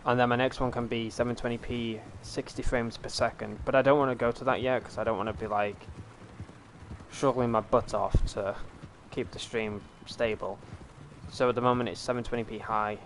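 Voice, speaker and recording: A young man with a British accent talks loosely to his viewers on a live stream. His pitch sits in the middle, and his delivery is relaxed and meandering, full of fillers and restarts. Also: normal speed, a little hiss or hum. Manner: relaxed, rambling, filler-heavy. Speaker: streamer host. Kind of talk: casual live-stream chat.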